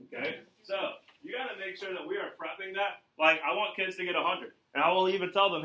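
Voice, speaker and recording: A man coaching a room of salespeople at a training seminar, energetic and checking in often with his listeners. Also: sits high, fairly quick, hardly any pauses, echoey room, distant mic, poor audio.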